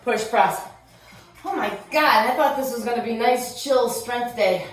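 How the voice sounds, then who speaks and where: A woman instructor coaching a workout, energetic, counting down reps and chatting between moves, out of breath. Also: a little high, unhurried. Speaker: fitness instructor. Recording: roomy echo, distant mic, music behind.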